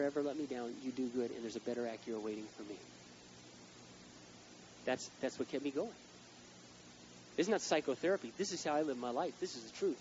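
A man preaching a sermon as pastor, telling a long personal story and rising to loud, emphatic peaks. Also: medium pitch, muffled recording, a little hiss or hum.

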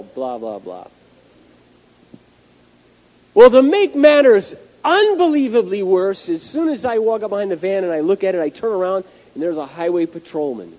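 Male pastor, high and very animated, emphatic storyteller, dull lo-fi recording. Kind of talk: sermon with storytelling.

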